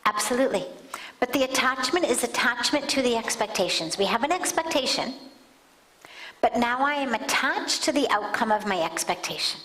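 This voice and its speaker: A woman spiritual teacher giving a deliberate discourse in a satsang hall, often dropping to soft near-whispers. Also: fairly high pitch, animated. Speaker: spiritual teacher answering questions.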